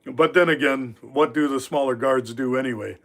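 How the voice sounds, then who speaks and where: In a knife workshop, a fifty-something livestream host from Alaska rambles through casual stories, leaning on filler words. His voice is medium-pitched and a bit bright, delivered at a moderate pace.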